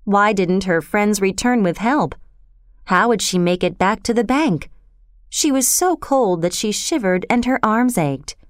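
Smooth-voiced woman reading a story. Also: medium pitch, animated, unhurried, dry recording, studio quality. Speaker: narrator. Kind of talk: storybook narration.

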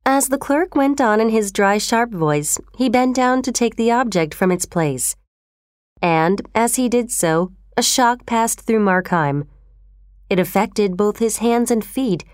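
A woman reads a classic story aloud, measured and expressive, with a lively rise and fall in her voice. The sound is close and completely dry, with no room echo. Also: on the high side. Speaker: narrator. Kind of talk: storybook reading.

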